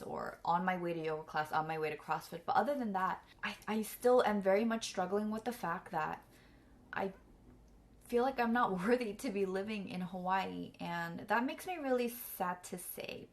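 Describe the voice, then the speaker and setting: Tearful woman, candid and low-voiced. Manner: candid, filler-heavy, on the verge of tears. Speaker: vlogger and coach. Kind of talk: emotional personal storytelling.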